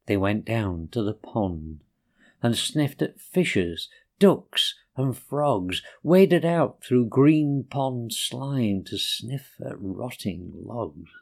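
A man reading rhyming children's poems aloud in a gentle, sing-song way. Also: medium pitch, expressive, extremely slow, gravelly. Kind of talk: rhyming storybook narration.

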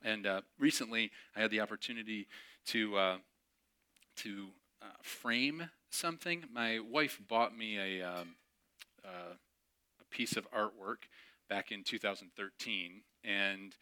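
A middle-aged pastor with a lowish, smooth, sharp-toned voice speaks a little slowly, delivering a sermon as a casual, self-mocking story. Chatty throughout, he acts out other people's lines and laughs at his own jokes.

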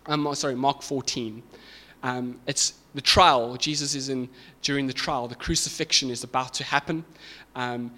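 A man's voice: medium pitch, steady tone, normal speed, pushed and bright. A man preaching a sermon to a congregation, explaining scripture with emphatic, rising intensity. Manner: emphatic, builds to raised fervent peaks. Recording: reverberant hall.

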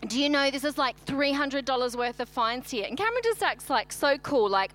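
Brief: high-pitched middle-aged woman pastor, chatty and animated sermon storyteller. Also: brisk. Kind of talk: sermon with personal stories.

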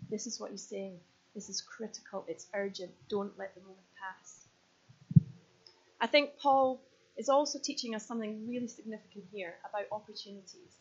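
Brief: Scottish woman in her thirties, sermon, lively and earnest; dull-sounding recording. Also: medium pitch, slightly rough. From Scotland. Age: 30s. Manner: lively, joking, then earnest and urgent. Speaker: preacher. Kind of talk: sermon with props and stories.

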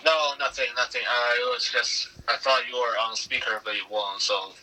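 A man calling in live to a podcast, chatting casually in a relaxed, offhand way. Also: mid-range voice, fairly quick, long reverb tail, low-quality recording. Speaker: caller. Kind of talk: casual phone call.

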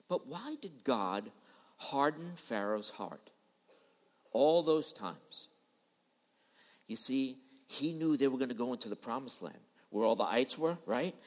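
A man preaching a sermon in a dramatic style, switching between loud and soft as he acts out quoted voices. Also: mid-range voice, long reverb tail. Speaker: pastor. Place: large church hall.

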